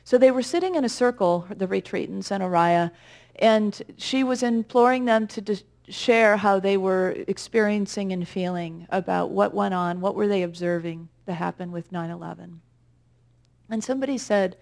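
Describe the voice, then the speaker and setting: A woman minister giving a conversational, gently humorous sermon with reflective pauses. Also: medium pitch, creaky.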